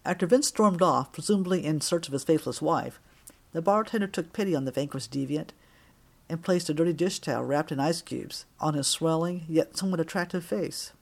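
A man narrating an audiobook with a wry, expressive storytelling manner. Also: fairly high pitch, a little fast, gravelly.

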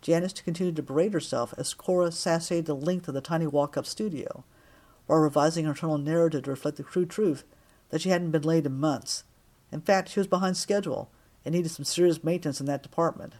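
A man narrating an audiobook with a wry, expressive storytelling manner. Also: on the high side, fast.

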